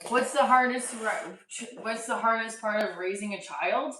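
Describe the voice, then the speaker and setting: A woman's voice: a little high, moderate pace, bright, forceful tone, recorded from a distance, slight background noise. A woman in her thirties, a stand-up comic, talking candidly to camera in a rambling, casual vlog, swearing and laughing at herself. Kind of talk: casual self-talk vlog. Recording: roomy echo, voice a bit off-mic.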